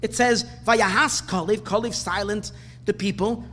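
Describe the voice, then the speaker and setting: A man's voice: high voice, steady tone, unhurried, a bit bright, soft background music. A man teaching a Torah class, asking questions and rising into emphatic bursts. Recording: hall reverb with faint ambience.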